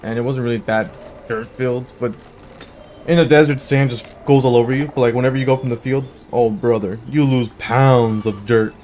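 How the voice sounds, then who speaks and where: A young man in his twenties, a gaming channel host, telling a rambling, jokey story in a casual way, with sudden loud bursts. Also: mid-range voice, steady tone, normal speed, a little hiss or hum. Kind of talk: casual storytelling over gameplay. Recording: faint background music.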